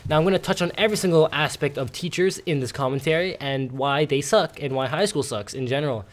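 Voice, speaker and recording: Teenage boy, gameplay commentator, casual rambling rant, fillers and restarts, somewhat high voice. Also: quick pace. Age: teens.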